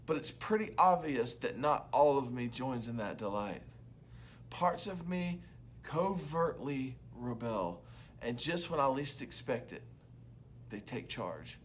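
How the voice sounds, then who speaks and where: A young adult man, a youth pastor, giving an energetic, loud and chatty devotional talk to camera. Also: medium pitch, takes it slowly.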